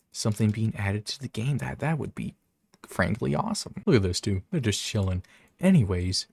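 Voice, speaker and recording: Man, gravelly, lowish voice; casual gameplay commentary, rambling with repeated restarts; dry close recording. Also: darkish tone, no echo. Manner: rambling, stammering restarts, chatty. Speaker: gaming YouTuber.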